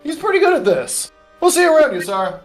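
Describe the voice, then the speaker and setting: A man voicing a big, good-natured male giant fighter who talks loud and friendly. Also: extremely high pitch, big pitch swings, fast talker, soft background music, voice pushed up.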